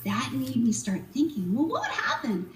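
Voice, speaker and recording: A children's author in her forties talks to kids with a bubbly, upbeat energy. Her voice is very high and swings up and down a lot. The sound is roomy and picked up from some distance away. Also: wildly swooping pitch, normal speed. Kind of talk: virtual school visit Q&A.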